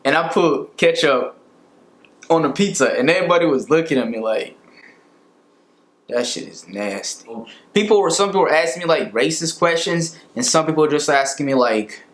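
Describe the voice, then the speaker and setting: Man from Africa, slightly high voice, animated comic storyteller; echoey room, faint hiss. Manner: animated, slangy, profane. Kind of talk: casual comedic storytelling.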